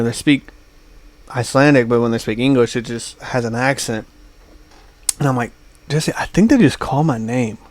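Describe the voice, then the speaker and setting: A man co-hosting a podcast, telling a long travel anecdote in casual chat, full of fillers like "uh" and "like". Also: medium pitch. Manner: rambling anecdote with many fillers. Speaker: podcast co-host.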